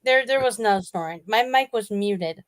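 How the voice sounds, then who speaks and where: Speaking at normal speed in a mid-range voice with no echo, this woman co-hosts a casual chat show. Her stories ramble, and she defends herself in a playful way.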